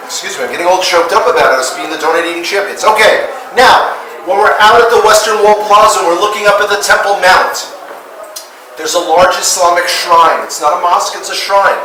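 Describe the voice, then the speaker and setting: A man's voice: sits high, a little fast. Joking New York tour guide man. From New York City. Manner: jokey, lively storytelling. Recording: echoey and far from the mic, with noise.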